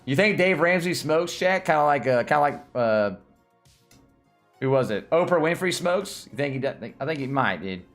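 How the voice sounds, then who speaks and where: A slightly high male voice at a moderate pace carries a Southern American accent from Tennessee, with faint music behind it. Hosting a livestream, he keeps things casual and lively, laughing often and getting excited easily.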